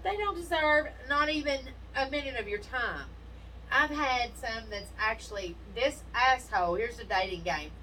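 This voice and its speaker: Woman chatting, blunt and sweary, bright sharp voice, mic kinda far away. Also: on the high side, normal speed. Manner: blunt, profane, animated storytelling. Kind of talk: casual podcast chat. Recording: distant mic with faint noise.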